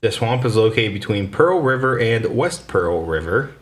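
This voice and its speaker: A man's voice: lowish voice, very animated, normal speed. A man hosting a casual chat podcast, easygoing and rambling, often stumbling and restarting. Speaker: podcast host.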